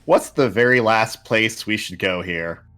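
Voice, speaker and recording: A man's voice: lowish voice, unhurried, a bit bright, soft background music. A man playing a tabletop game, chatting casually as a player.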